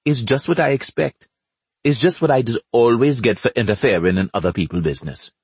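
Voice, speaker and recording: A man voicing a bossy, sarcastic Trinidadian neighbor who scolds loudly. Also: medium pitch, a little fast, husky, no echo. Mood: hurt. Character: gruff, loud grown man, bossy neighbor.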